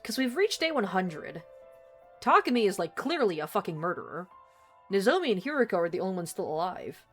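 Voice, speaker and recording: A woman's voice: mid-range voice, sing-song, a little fast, a bit bright, breathy edge, faint music behind. A woman streaming a game live, chatting casually with a co-player, swearing often and laughing easily.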